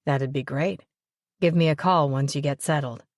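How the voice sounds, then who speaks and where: Woman reading as a chill young cowboy guy, low and friendly. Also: normal speed, a little mellow, dry recording, dull audio, lightly acted. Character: easygoing young cowboy man.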